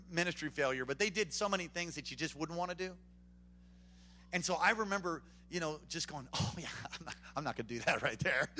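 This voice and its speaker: A man preaches to a church congregation with a high, bright voice. He swings between hushed, low asides and loud, animated bursts. His delivery is lively and conversational. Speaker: pastor. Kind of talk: sermon.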